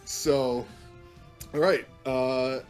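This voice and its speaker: A man narrating as game master of a tabletop game, relaxed and often laughing as he rules on rolls. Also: medium pitch, extremely slow, faint music behind.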